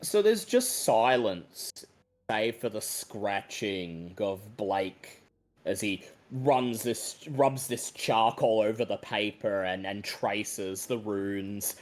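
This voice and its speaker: A man narrating a tabletop horror game as game master, in a slow, deliberate, suspenseful manner. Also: on the low side, animated.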